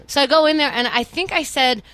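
A woman co-hosts a casual podcast, telling stories with animated exasperation. She acts out both sides of the exchanges in a fairly high voice. The recording is close and dry. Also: brisk, no room sound. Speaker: podcast co-host. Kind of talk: casual chat, animated storytelling.

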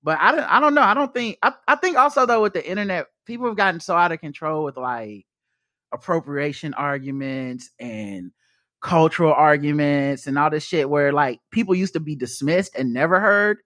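A young adult man hosting a podcast, chatting casually and animatedly with lots of swearing and quick mock impressions. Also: fairly high pitch, no room sound, clean studio sound. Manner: profane, animated, jokey impressions in quotes. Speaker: podcast host. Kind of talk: casual chat.

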